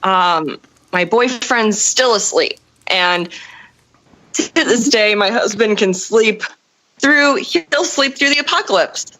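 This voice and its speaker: Animated storytelling woman, swears freely. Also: fairly high pitch, slow, low-quality recording. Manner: animated, swearing, acts out voices. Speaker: guest storyteller. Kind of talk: casual storytelling.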